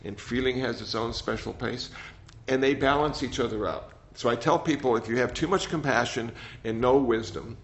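An older man, a meditation teacher, giving a gentle, rambling dharma talk that often repeats words. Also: mid-range voice, moderate pace, hardly any pauses. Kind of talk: dharma talk with audience questions. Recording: slightly dull sound, faint noise.

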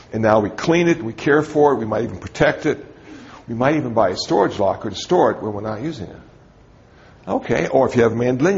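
Gravelly man giving a humorous dharma talk. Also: mid-range voice, a little mellow, highs cut off. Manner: conversational, humorous storytelling. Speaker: Buddhist teacher.

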